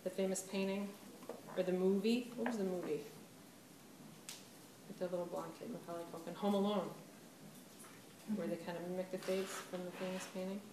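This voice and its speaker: A chatty woman art teacher talks a class through a clay demonstration and laughs at her slips. She is heard from well away from the microphone. Room echo and steady background noise surround her voice. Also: fairly low pitch, normal speed, long pauses. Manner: chatty, self-deprecating, laughs often. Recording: roomy, distant camera mic with background noise.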